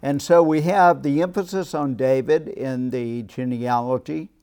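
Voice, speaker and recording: A man leads a Bible class in a slow, deliberate way. His voice has a gravelly edge. He restarts phrases and pauses often as he works through his points. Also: medium pitch, a little mellow. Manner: unhurried, thoughtful, with frequent restarts and "uh". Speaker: Bible study teacher. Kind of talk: Bible class lecture with discussion.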